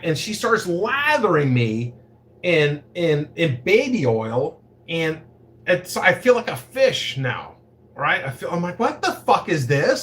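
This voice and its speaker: A man's voice: on the high side, fairly bright tone. A man hosting his own show, telling a story in a profane, rambling, self-interrupting way. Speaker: podcast host. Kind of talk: casual storytelling.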